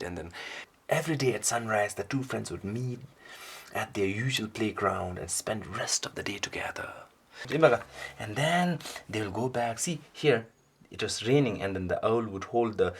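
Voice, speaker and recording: A man reading a picture book aloud to children, animated and stopping often to ask them questions. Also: fairly low pitch, a little hiss or hum. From Bhutan. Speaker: storyteller.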